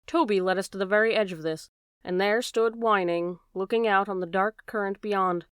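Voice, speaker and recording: A woman narrating a classic detective story as an audiobook reader, steady and even. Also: medium pitch, moderate pace, clean tone, dry recording, studio quality. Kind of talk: scripted narration.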